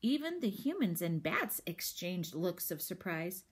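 A woman, a teacher, reading a children's book aloud with expressive storytelling. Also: on the low side, a little slow, breathy edge.

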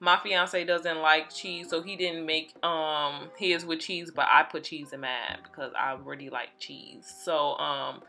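A young adult woman casually walking viewers through a recipe in her home kitchen, chatty and relaxed. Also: sits low, unhurried, creaky, few pauses, soft background music. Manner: chatty, relaxed, addresses viewers as y'all and you guys. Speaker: cooking vlogger. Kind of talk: casual cooking tutorial. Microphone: phone camera.

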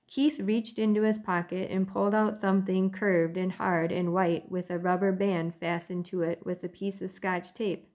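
A woman reading a children's chapter book aloud with gentle, clear storytelling. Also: on the low side, flat delivery, normal speed, few pauses. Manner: gentle, clear storytelling; casual chatty sign-off. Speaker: storybook reader.

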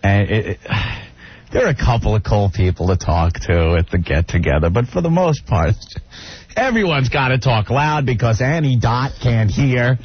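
A man co-hosting a radio show, telling a story with lively, mocking impressions. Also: moderate pace, breathy edge. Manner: animated storytelling, mocking high-voiced impressions. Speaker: radio co-host. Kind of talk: morning radio banter. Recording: dull lo-fi radio broadcast.

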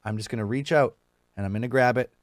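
A man's voice: mid-range voice, fast talker, no echo, studio quality. A man co-hosting a podcast, chatting casually with friends in a wry, self-mocking way. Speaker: podcast co-host. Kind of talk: casual chat among friends.

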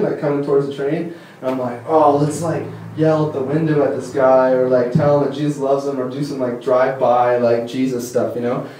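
In a church hall, a young conference speaker gives a loose, meandering sermon full of fillers and eager anecdotes. His voice is a little high with a darkish tone. The distant recording carries hall echo and slight background noise.

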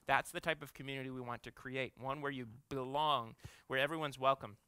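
A man's voice: mid-range voice, fairly even intonation, brisk, pushed and bright, clean tone, no room sound. A man in his thirties, an executive pastor, giving a conversational sermon full of playful, self-mocking family stories.

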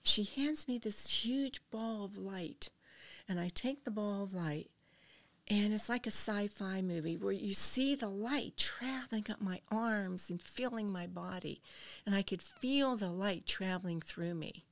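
A woman's voice: medium pitch, measured pace, a bit bright, dry recording. An older woman, a podcast guest, earnestly telling a personal story and dropping to a whisper at tense moments.

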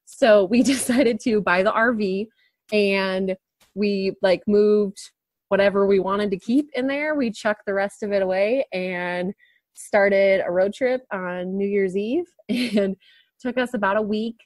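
A woman's voice: mid-range voice, a little slow, darkish tone, no room sound. A young woman from Wisconsin with a faint Upper Midwest accent, chatting casually as a guest and laughing often. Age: young adult. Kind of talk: casual conversation.

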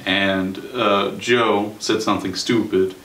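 A young man hosting a casual movie review, chatty and sarcastic, with quick joking asides. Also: fairly low pitch, fairly even intonation, a bit bright, slight background noise. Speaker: show host and movie reviewer. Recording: roomy sound from a distance.

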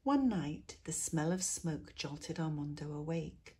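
A woman teacher reading a picture book aloud to schoolchildren, expressive and dropping to a hush in quiet moments. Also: deep voice, slow pace, breathy edge. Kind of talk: storybook read-aloud.

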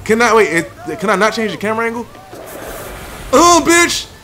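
Young male gamer, very high voice, bright and sharp, profane trash talk over faint game music. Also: quick pace. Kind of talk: live gameplay commentary.

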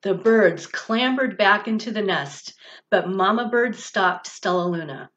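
A woman reads a children's storybook aloud, very slowly and gently, with expressive phrasing. Her voice sits in a middle pitch. The recording sounds somewhat dull and lo-fi. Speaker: director of religious education.

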